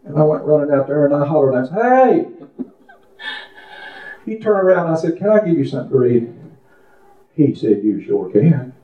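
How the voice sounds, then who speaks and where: A man's voice: fairly high pitch, lively intonation, fast talker. A man preaching a fervent testimony sermon, his voice climbing as he prays aloud and slipping into folksy storytelling. The sound is echoey, as if from a big room, and squeezed thin like it is coming over a phone line. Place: church service.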